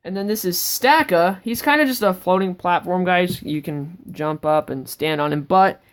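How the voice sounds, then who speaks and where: A woman vlogger giving a casual, rambling tour of her sketchbook, breaking into sudden excited outbursts. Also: lowish voice, moderate pace.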